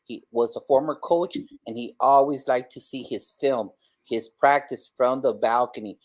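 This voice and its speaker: A man co-hosting a live leadership podcast, energetic and exclaiming, swinging between loud bursts and quiet asides. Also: medium pitch, moderate pace. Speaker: podcast co-host. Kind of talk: upbeat live-stream opening. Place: home in Texas.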